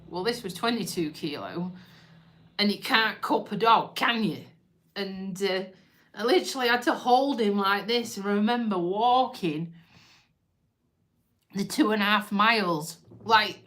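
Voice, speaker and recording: A woman's voice: mid-range voice, a bit bright. A woman hosting a live stream, talking casually and emotionally, tearful and rambling as she interrupts herself. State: crying on and off.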